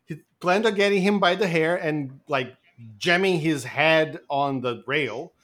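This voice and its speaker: A man's voice: fairly high pitch, measured pace. A man co-hosting a movie podcast, chatting casually and eagerly laying out a theory. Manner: animated, laughing, spins theories. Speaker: podcast co-host. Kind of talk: casual chat.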